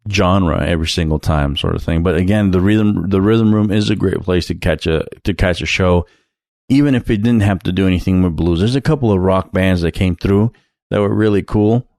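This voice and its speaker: A man's voice: low voice, gravelly, darkish tone, dry recording, studio quality. A man hosting a casual solo podcast, talking bluntly and swearing freely, rambling with many fillers and restarts. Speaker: podcast host.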